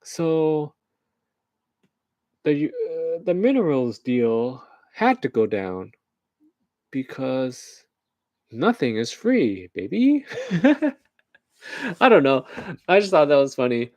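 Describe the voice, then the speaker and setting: A man's voice: medium pitch, a little mellow, no room sound. A man from the United States giving rambling, joking current-events commentary on a livestream, often laughing at his own jokes.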